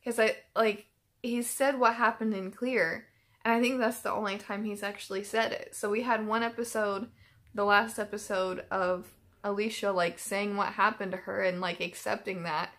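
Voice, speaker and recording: A woman's voice: medium pitch, steady tone, moderate pace, a bit bright. A woman hosting a reaction channel, chatting casually and emotionally, with lots of filler words and restarts. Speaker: YouTube reaction channel host. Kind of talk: casual chat.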